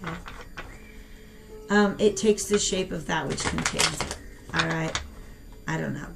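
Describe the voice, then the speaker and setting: A young woman giving a casual tarot reading and talking straight to her viewers in a chatty, animated way. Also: low voice, unhurried, gravelly, over loud music. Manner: chatty and animated, talks to viewers as "you guys". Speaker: tarot reader.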